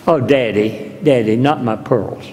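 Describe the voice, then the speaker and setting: A man's voice: medium pitch, unhurried, darkish tone, close to an everyday voice. A man voicing a sweet little girl who pleads to keep her treasures, in a large reverberant hall. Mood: pleading. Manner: tearful, earnest pleading.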